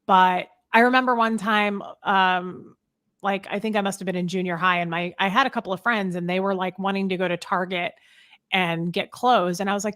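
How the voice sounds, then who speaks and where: A woman's voice: mid-range voice, fairly even intonation, brisk, fairly bright tone. A woman talking casually as a guest in an interview, emotional and rambling, with lots of "like" and "um".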